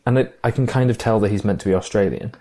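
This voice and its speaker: Chatty man with a lowish voice. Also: fast talker, warm tone. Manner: enthusiastic, thinks aloud with fillers and restarts. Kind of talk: casual film discussion.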